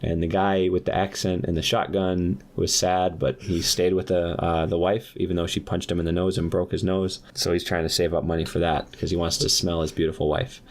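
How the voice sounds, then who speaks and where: A man hosting, improvising a rambling, deadpan comic story with giggly asides. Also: low voice, a little fast, few pauses. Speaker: storyteller host.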